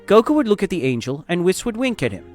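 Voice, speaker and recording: A man narrating a fan story in a steady, dramatic storytelling style. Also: high voice, fast talker, soft background music.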